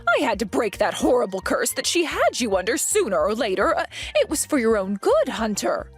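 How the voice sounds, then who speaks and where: Brief: a woman playing a possessive mother-in-law, husky and lively in pitch, indignant, with soft music behind. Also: fairly quick. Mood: defensive. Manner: accusing, indignant. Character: domineering, possessive middle-aged mother-in-law. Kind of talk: story narration drama.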